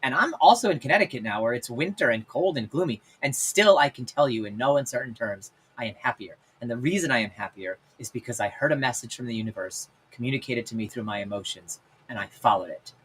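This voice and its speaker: A man hosting his own show, telling personal stories in a casual, candid way with lots of fillers, swinging between loud and hushed. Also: medium pitch, animated, fast talker, few pauses, slight background noise, poor audio. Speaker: podcast host and life coach. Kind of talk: personal storytelling monologue.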